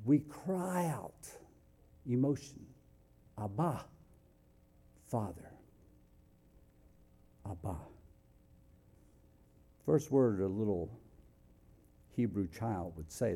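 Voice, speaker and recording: A man preaching a sermon, moving between loud, emphatic calls and hushed, quiet passages. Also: on the low side, vocal fry. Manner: dynamic, swings from loud exclamations to hushed near-whispers.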